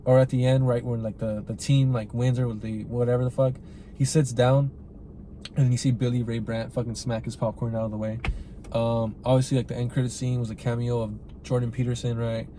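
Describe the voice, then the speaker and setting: Rambling, profane man with a mellow voice. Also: medium pitch, flat delivery, brisk, a little hiss or hum. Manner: rambling and profane, heavy use of "like" and "right?". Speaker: podcast host reviewing a film. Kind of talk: casual spoken review.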